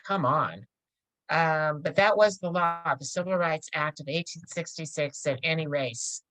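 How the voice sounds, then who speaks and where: Chatty, bright-voiced woman instructor, laughing often. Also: deep voice, measured pace, dry recording, low-quality recording. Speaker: real estate course instructor. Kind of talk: casual classroom lecture.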